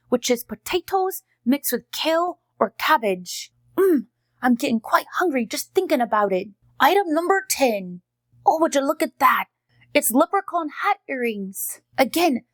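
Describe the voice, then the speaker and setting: A cheerful friendly dog host, played by a woman, chatting sweetly and teaching kids as she unboxes. Her voice is high and close, with a dry sound that has no room around it. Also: no room sound. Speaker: host of a kids' unboxing video. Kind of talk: kids' educational unboxing narration.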